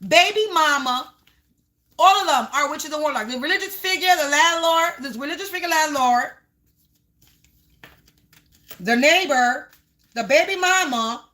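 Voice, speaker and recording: A woman hosting her own channel, ranting loudly at viewers and trolls, cursing and calling them sweetie and honey. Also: high-pitched, lively intonation, a little slow, pauses often. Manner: loud, yelling, cursing, confrontational. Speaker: spiritual channel host. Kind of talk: ranting livestream vlog.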